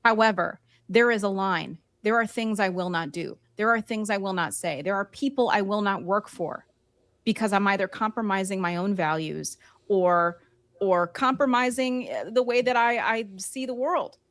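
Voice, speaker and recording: A woman's voice: medium pitch, moderate pace, fairly bright tone, dry recording. A woman co-hosting a political podcast, speaking emphatically and repeating phrases for stress. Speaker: podcast co-host. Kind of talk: casual political podcast talk.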